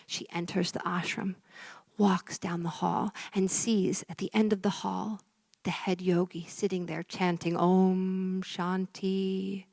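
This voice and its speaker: A woman does stand-up for a live audience, acting out characters with voice shifts and dropping to whispers for effect as a lively storyteller. Her lowish voice is unhurried, creaky and slightly rough, recorded dry.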